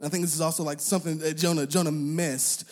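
A young man preaches a casual, conversational sermon at a fast clip in a slightly high voice, using slang and filler words. He's animated and acts out the voices in the passages he quotes.

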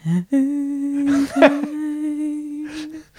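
A man playing an over-bright male radio presenter, with a high, exaggerated, upbeat announcer delivery. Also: completely flat delivery, extremely slow, full character voice. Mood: cheery.

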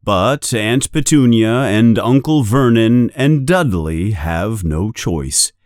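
A man slowly reading a children's story aloud as narrator. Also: on the low side, dry recording, studio quality. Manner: slow, lively storytelling. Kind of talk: slow storybook read-aloud.

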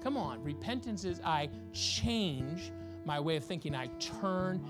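A man's voice: a little high, animated, measured pace, music in the background. A man preaching a sermon at a church service in a conversational, emphatic style, full of rhetorical questions. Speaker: guest preacher, bishop.

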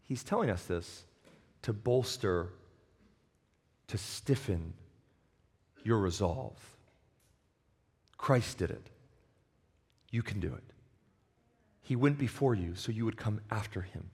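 A pastor preaching a sermon, earnest and emphatic, slowing down for weight and sometimes stumbling over restarts. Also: male voice, fairly low pitch, lively intonation, a little mellow, slightly rough. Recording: long hall reverb.

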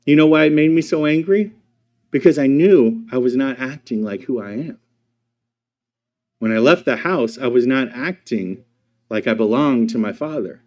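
A man pastor giving a sermon, asking the congregation rhetorical questions and swinging from loud emphatic lines to quiet, slow ones. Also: medium pitch, dull audio.

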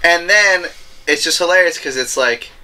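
Animated man retelling movie scenes. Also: on the high side, poor audio. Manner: animated, retells scenes with quick voice impressions and laughter. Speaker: podcast co-host. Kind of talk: casual movie chat.

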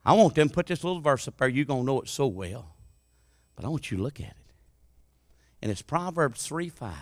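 A man preaching a sermon, dropping to a hushed murmur and then rising to loud, impassioned appeals. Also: mid-range voice, animated, a little fast, no echo, clean studio sound.

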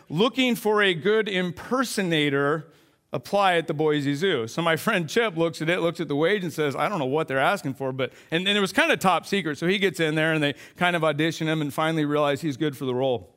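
Youngish pastor guy, fairly high voice, animated jokey storytelling in a sermon. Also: fast talker, hardly any pauses.

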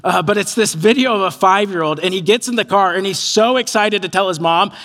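A man preaching a sermon as pastor, earnest and animated, acting out quoted voices as he tells a story. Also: sits high, brisk.

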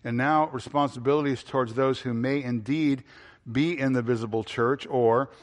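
A man's voice: mid-range voice, steady tone, normal speed, long reverb tail. A man preaching a sermon in an ordinary mid-range voice. He puts questions to the congregation and answers them himself. He repeats key phrases for emphasis, with frequent fillers. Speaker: pastor.

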